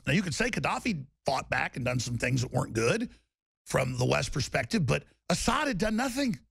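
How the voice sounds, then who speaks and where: A man tears into his targets in a heated, mocking rant. His voice is heavily gravelly and rather high, and it swings widely up and down. The sound is close and dry. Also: sing-song, fairly quick, fairly bright tone, no room sound. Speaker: political commentator. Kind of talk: angry political rant.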